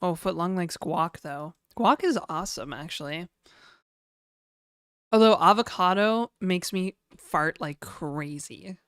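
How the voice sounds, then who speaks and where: Rambling woman streamer reading chat; smooth voice, dry close mic. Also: fairly low pitch, takes it slowly, a bit bright, no echo. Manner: rambling, chatty, reads chat aloud. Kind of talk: casual live-stream chat.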